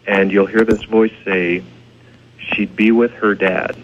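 A man, a paranormal investigator guest on radio, telling his story with hesitant pauses. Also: lowish voice, little pitch movement. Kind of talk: radio interview. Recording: tinny phone line.

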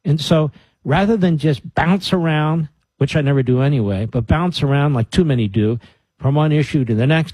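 A radio host, a man, talks straight to his listeners in an emphatic, animated monologue full of mocking asides. His voice is dark and a bit husky, and it sounds dry and close, as if he sits right at the studio mic. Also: fairly high pitch, normal speed, dry recording. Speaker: radio talk show host.

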